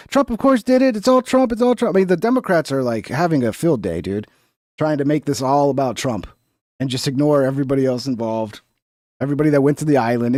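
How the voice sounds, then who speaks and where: A man's voice: mid-range voice, warm tone, no room sound, clean studio sound. A young American man hosting a live stream, reacting to news in a casual, rambling way with lots of slang and swearing. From United States.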